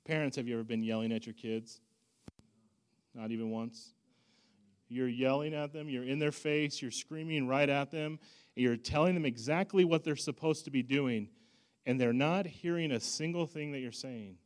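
Preaching with a medium pitch, moderate pace and clean tone, a male pastor swings between loud emphasis and quiet asides. His sermon has a conversational, self-deprecating feel.

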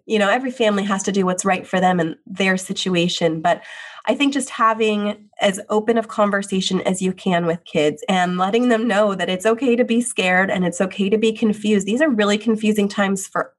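An earnest woman, a widowed mother, talking openly about her grief as a parent. Her voice sits in a middle register. She speaks with a frank, steady candor. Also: mid-range voice, moderate pace. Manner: earnest, open, repeats phrases like "the reality is". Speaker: children's book author and widowed mother. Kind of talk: heartfelt interview answers.

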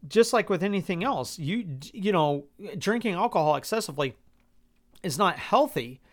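A man's voice: high-pitched, lively intonation, normal speed. A man hosting a personal podcast, speaking in exasperated, incredulous tones, swearing often and restarting his sentences. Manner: incredulous rhetorical questions. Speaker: podcast host.

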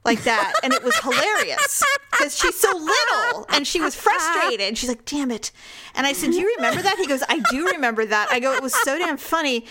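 A woman's voice: sits high, sing-song, a little fast, sharp tone, slight background noise. A woman co-hosting a casual chat, telling long rambling stories with many fillers and restarts.

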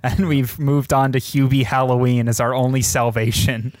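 A man's voice: medium pitch, level tone, moderate pace, darkish tone, no room sound. A young man co-hosting a podcast, chatting casually and telling jokey stories. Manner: joking storyteller, acts out quotes. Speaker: podcast co-host. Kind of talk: casual chat.

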